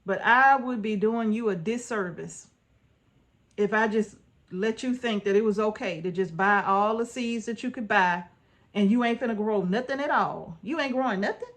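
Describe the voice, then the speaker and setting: Medium pitch, normal speed: a woman homestead vlogger chatting informally with her viewers. Her advice is earnest and casual in a folksy style, with repeated points and frequent "right?" check-ins.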